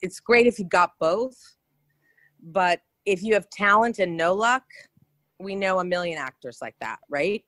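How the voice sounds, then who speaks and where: A woman's voice: on the low side, unhurried, no room sound. A woman, telling stories as a guest in a casual interview, with many restarts. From New York. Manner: chatty, animated anecdotes with many restarts. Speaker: actress guest.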